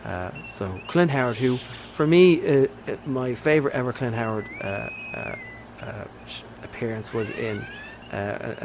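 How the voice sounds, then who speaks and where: A man's voice: medium pitch, gravelly, noisy background. A man hosting a casual movie chat, enthusiastic and rambling with lots of fillers.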